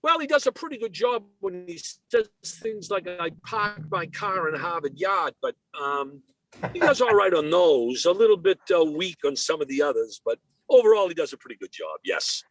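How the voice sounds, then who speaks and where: An older man with a Boston accent tells stories on a video call. His voice sits high and swings widely up and down, with punchy, clipped phrases. The sound is dry and close. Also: moderate pace, no echo, rough recording. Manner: animated storyteller, punchy short phrases. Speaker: interview guest. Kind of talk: anecdotal storytelling.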